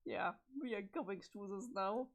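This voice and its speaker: A woman's voice: mid-range voice, unhurried. A woman streamer casually reading a webcomic aloud, chatty, laughing often and swearing offhandedly. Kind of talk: casual livestream reading and commentary.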